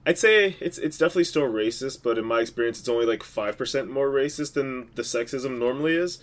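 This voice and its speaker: A man's voice: medium pitch, quick pace. A man co-hosting a podcast, telling rambling jokey stories in casual chat with lots of fillers. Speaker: podcast co-host.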